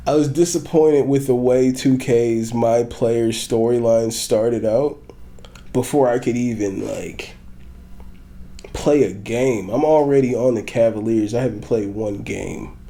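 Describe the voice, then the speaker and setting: A man's voice: medium pitch, gravelly, dark tone. A young man hosting a podcast on his own, rambling and swearing, breaking into laughter often. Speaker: podcast host. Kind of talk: solo podcast rant.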